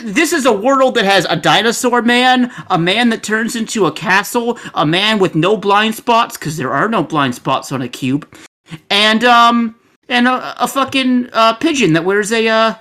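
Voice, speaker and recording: A woman co-hosting a casual podcast, talking in an excitable, ranting way and swearing freely. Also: medium pitch, unhurried. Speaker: podcast co-host.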